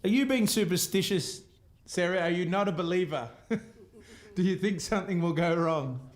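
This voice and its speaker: A musician hosts a live stream, chatting casually between songs and laughing often. He sounds relaxed and talkative, with a high-pitched voice and a moderate pace.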